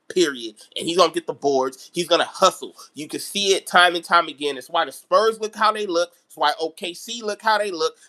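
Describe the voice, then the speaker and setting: Guy ranting on his live stream, aave, high voice, bright and sharp, keeps repeating himself. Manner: animated, repetitive ranting. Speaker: basketball vlogger. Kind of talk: live-stream sports rant.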